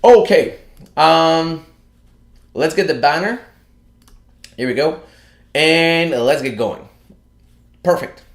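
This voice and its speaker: A man's voice: on the high side, slow pace, long pauses. Chatty man live-streaming in an echoey room. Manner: chatty, many fillers and restarts. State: out of breath. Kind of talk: casual live-stream chat.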